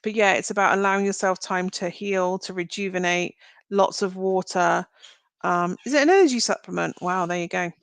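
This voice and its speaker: A woman's voice: on the low side, normal speed, creaky, dry recording. A woman giving live-streamed tarot card readings, talking straight to viewers in a chatty, meandering, reassuring way as she thinks aloud. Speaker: tarot reader.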